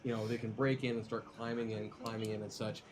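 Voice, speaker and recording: A man running a tabletop game on a live stream, narrating in a rambling way with lots of fillers and quick asides. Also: lowish voice, little pitch movement, very noisy. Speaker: game master.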